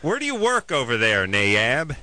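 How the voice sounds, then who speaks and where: A man hosting a comedy radio call-in show, a wisecracking and animated storyteller. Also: medium pitch, unhurried.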